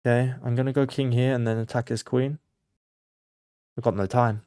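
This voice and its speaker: A chess content creator thinks aloud while playing blindfold chess for his channel, muttering his moves and growing flustered whenever he loses track of the board, swinging between quiet focus and panic. His voice is medium-pitched and fairly even, at a moderate pace with frequent pauses. The tone is clean, with no echo and clean studio sound.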